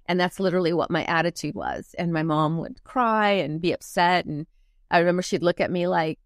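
Woman coach opening up in an interview, slow reflective pauses, kinda low voice, dry mic. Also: no room sound. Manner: earnest and reflective, with frequent pauses and fillers. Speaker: guest, motivational speaker and performance coach. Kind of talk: candid personal storytelling in an interview.

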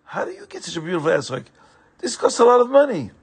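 A man doing a shrill, scolding mother. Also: huge pitch swings, quick pace, husky, exaggerated voice. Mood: indignant. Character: exasperated mother of hungry children, a woman.

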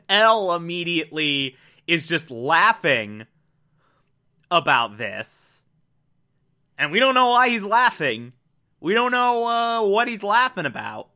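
A man's voice: a little high, pushed and bright. A man casually recapping an anime, rambling with laughs and acting out the characters' lines.

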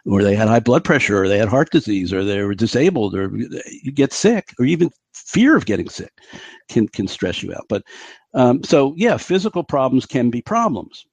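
A man's voice: medium pitch, vocal fry, darkish tone, slightly rough, no room sound. A middle-aged man, a physician guest on a podcast, explaining his ideas in an emphatic, blunt, conversational way and acting out what others said. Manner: emphatic, blunt explainer who acts out quotes.

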